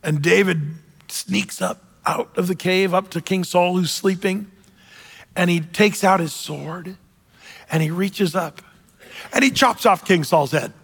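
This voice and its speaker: A male pastor preaching a sermon, telling the story in an animated way with joking asides. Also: high voice, a little slow, creaky, breathy edge. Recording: long hall reverb.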